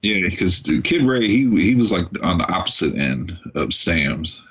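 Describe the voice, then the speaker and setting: A man co-hosting a podcast, making measured, reflective comments in casual movie chat. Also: deep voice, very animated, bright, forceful tone, husky, dull audio. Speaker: podcast co-host.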